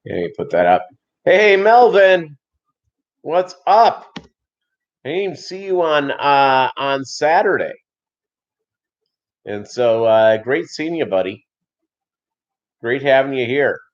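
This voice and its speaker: A man's voice: medium pitch, sing-song, slow, long pauses. A man hosting a fish-keeping channel, chatting casually and rambling with many fillers on a live stream. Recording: dull lo-fi sound.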